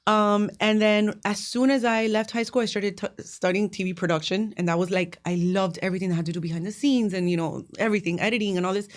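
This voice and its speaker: A woman in her thirties from Miami, a guest in an interview, chatting warmly and telling stories with laughs and emotion. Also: medium pitch, steady tone, fast talker, hardly any pauses. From Miami, USA. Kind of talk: casual interview chat.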